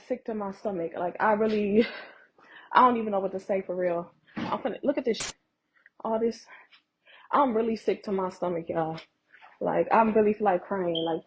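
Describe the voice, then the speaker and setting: A woman's voice: mid-range voice, husky, highs cut off. A woman filming a walk through a house, talking to her viewers in shocked, profane remarks that sometimes drop to a whisper. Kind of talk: narrated home walk-through video. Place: inside a house.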